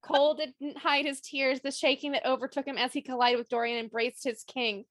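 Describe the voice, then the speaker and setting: A woman's voice: high-pitched, little pitch movement, fairly quick, fairly bright tone, no room sound. Woman podcast host, dry close sound. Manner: reads passages aloud, emotional, casual. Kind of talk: casual book discussion podcast.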